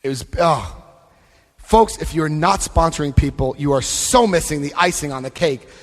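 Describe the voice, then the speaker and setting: A man giving a lively recovery talk to a live convention audience, acting out scenes and voicing quotes. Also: a little high, normal speed. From United States. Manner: animated, acts out scenes, shifts voice for quotes. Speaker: AA convention speaker. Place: convention hall. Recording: long hall reverb.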